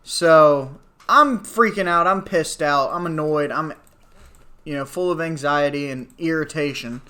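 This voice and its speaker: Speaking at a measured pace, a young man in his twenties rants to his audience in a high-leaning voice that is pushed and bright, yet clear and resonant. He's sarcastic and irritated, swearing liberally and rambling into asides.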